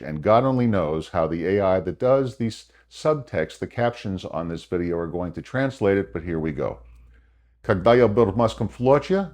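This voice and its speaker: Deep-voiced older American man musing. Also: a little mellow. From United States. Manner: chatty, self-correcting, wry asides. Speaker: podcast host. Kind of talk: casual commentary monologue. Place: home setting in Phoenix.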